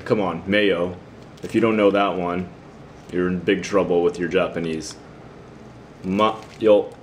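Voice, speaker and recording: A man's voice: fairly low pitch, slight background noise. An American man giving a casual video lesson, chatty and teasing as he quizzes the viewer. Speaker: vlogger teaching about Japan.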